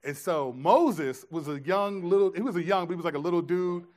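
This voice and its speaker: Animated male preacher telling stories. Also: high-pitched, brisk. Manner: animated storytelling with many restarts and slang. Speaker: pastor. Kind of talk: sermon.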